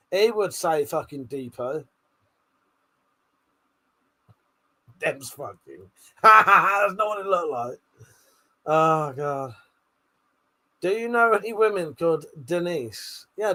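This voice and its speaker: Brash, bright-voiced man. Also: sits high. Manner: brash, sweary and jokey, laughing often. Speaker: live streamer. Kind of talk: casual live-stream chat, reading comments.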